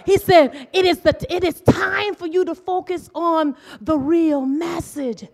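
A middle-aged woman preaching a sermon, impassioned, swinging from hushed asides to shouted declarations. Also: very high-pitched, steady tone, unhurried.

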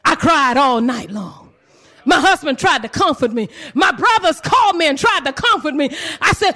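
High, fervent woman preacher crying out. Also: lively intonation. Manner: impassioned, swinging from low murmurs to shouted cries; drawn-out, rhythmic phrasing with repetitions. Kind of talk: sermon.

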